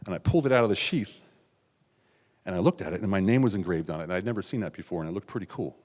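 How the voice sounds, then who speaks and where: A middle-aged man from the United States telling a raw, confessional personal story on stage, with sudden loud outbursts and hushed asides. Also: sits low, animated, racing. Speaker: keynote speaker. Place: large hall on stage. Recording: stage talk with long hall reverb.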